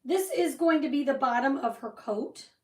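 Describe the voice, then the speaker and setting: A woman's voice: sits high, lively intonation, moderate pace, far from the mic. A woman hosting a casual crafting livestream, telling a rambling story with lots of asides while she paints. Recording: roomy echo, voice set back from the mic.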